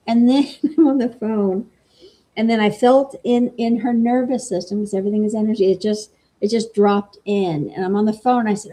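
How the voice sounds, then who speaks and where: Chatty woman with a mellow voice. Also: medium pitch, normal speed. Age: middle-aged. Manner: chatty storytelling, acts out quoted dialogue. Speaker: life coach and energy healer. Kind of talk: casual talk stream.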